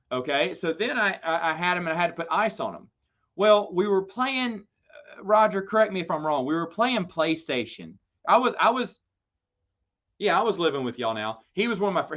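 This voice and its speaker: A man hosting a live Q&A stream, chatting casually and telling lively, playful stories to viewers. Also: fairly high pitch. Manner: animated storytelling, lively and playful. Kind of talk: casual livestream chat. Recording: dull lo-fi stream audio.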